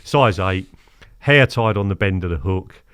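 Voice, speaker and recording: A man in his fifties, telling stories as a podcast guest in a lively, chatty way, acting out what people said. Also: deep voice, a little slow, smooth, no room sound. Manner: animated, acts out quotes, keeps asking "do you know what I mean?". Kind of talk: casual storytelling interview.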